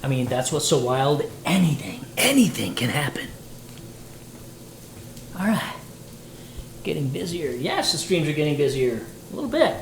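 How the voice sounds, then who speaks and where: A playful, chatty man talks to his stream viewers while he cooks at home. His voice bounces around a roomy kitchen, and a sizzling pan is clearly heard behind him. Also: on the high side, sing-song, normal speed, long pauses, a little hiss or hum. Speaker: livestreamer cooking dinner. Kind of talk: casual livestream chat while cooking.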